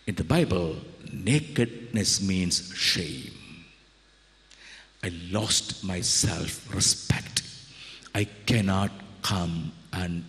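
Brief: a priest from India preaching a sermon, dramatic and slow, in a big echoing hall. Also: male voice, low-pitched, fairly bright tone. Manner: slow, dramatic, emphatic preaching with sudden rises. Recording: long hall reverb.

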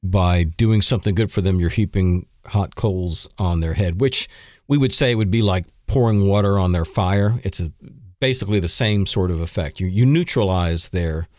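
A man's voice: low-pitched, moderate pace, a little mellow, no room sound, clean studio sound. A man co-hosting a podcast, giving direct, coaching advice in casual talk. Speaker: podcast co-host.

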